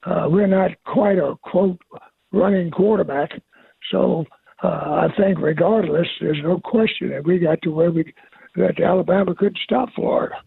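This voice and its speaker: A man, a football coach, calling in to a sports radio show and talking with halting pauses. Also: sits high, vocal fry, breathy edge, no room sound. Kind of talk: phone-in sports interview. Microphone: telephone. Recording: dry tinny phone line.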